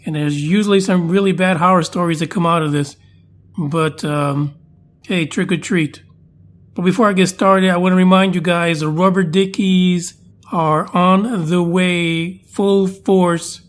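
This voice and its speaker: A man hosting a podcast in a casual, jokey, chatty way with playful asides. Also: high voice. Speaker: podcast host.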